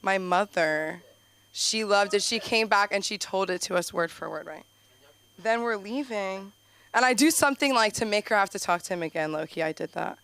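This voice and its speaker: A young woman rambles through a stand-up set into a handheld mic on a small club stage. Her voice is smooth and clear, and she keeps giggling, restarting and saying "like" as she talks. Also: mid-range voice, normal speed, fairly bright tone, no echo. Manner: chatty, giggly, full of "like" and restarts. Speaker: stand-up comic at an open mic.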